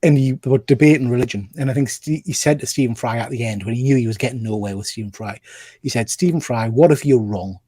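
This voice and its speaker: A man's voice: mid-range voice, fairly even intonation, fast talker, mellow, no echo. A man hosting a casual interview, chatty and reading out viewer comments between laughs. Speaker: host.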